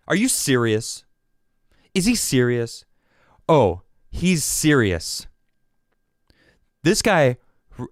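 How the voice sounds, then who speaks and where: A man hosting his own political podcast, ranting in an exasperated, animated way and often restarting his sentences. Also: mid-range voice, slow, long pauses, no room sound, clean studio sound. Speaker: podcast host.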